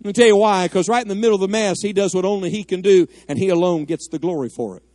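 A man's voice: sits high, fast talker, warm tone, dry recording. A middle-aged man preaching a fervent, emphatic sermon in a church, rising at times to cries of prayer. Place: church sanctuary.

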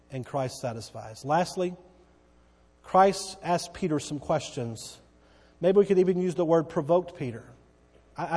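A man's voice: fairly high pitch, warm tone, slightly rough. A man pastor preaching a sermon, emphatic and repeating key words, often checking in with his congregation. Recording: long reverb of a large hall.

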